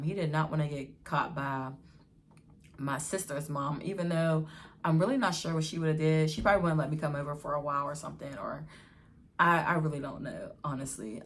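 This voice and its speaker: A young woman vlogger tells a casual storytime in an animated, slangy style, acting out what people said. Her voice is low-pitched.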